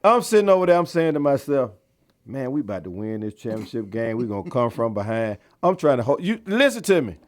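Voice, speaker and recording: A man's voice: medium pitch, sing-song, a little fast. A man co-hosting a sports podcast in casual banter, heated trash talk, dropping "man" again and again. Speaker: podcast co-host.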